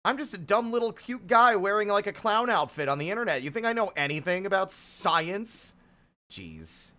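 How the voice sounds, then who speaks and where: A man's voice: high voice, sing-song, normal speed, bright, forceful tone. A man in his thirties streaming live, chatting casually in a profane, self-deprecating, rambling way. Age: 30s.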